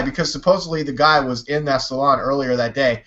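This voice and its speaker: A man hosting a casual online talk show, telling stories with a loose, animated delivery and swearing freely. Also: medium pitch, fairly quick, muffled recording. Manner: animated storyteller, swears, mimics others. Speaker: podcast host. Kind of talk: casual chat.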